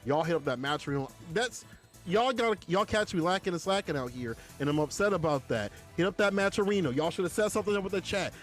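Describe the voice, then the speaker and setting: A man's voice: sits high, expressive, quick pace, faint music behind. Slangy laid-back man calling fights. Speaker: esports commentator. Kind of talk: casual play-by-play commentary. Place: small closet at home.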